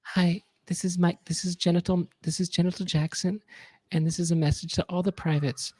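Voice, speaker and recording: A man putting on a soft, breathy male pop star who plays a drill sergeant, talking slowly and gently. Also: sits high, level tone, no echo, pitched above the performer's own voice. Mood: gentle.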